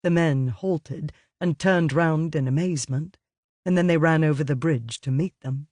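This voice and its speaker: A man's voice: fairly high pitch, moderate pace, a little mellow, no echo. Man narrating an audiobook, dry sound. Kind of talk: scripted narration.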